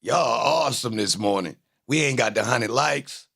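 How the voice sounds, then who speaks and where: A man hosting a livestream, talking in a casual, animated, boastful way full of profane trash talk. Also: mid-range voice, moderate pace, vocal fry. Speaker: livestream host.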